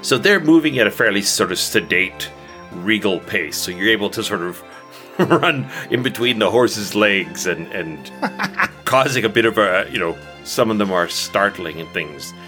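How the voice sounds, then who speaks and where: A man's voice: lowish voice, lively intonation, normal speed, sharp tone, faint music behind. A man narrating a tabletop game as dungeon master, describing scenes and laughing easily as he goes.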